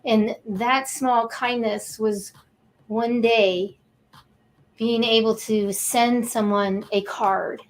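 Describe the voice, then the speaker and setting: A woman's voice: fairly high pitch, slight background noise, poor audio. A woman co-hosting a talk show, counseling-minded, speaking emotionally with repeated words and heartfelt emphasis.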